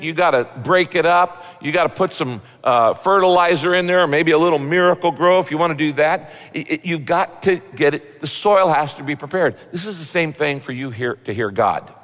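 A pastor preaching a sermon in a relaxed, folksy, conversational way, acting out little quotes as he goes. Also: on the high side, long reverb tail.

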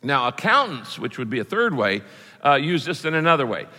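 A pastor delivers his sermon with a bright, forceful tone and a pitch that swings widely as he stresses his points. He leans on repetition to drive key phrases home, and his voice rings through a long hall reverb. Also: sing-song, fairly quick. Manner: emphatic preaching, repeating key phrases.

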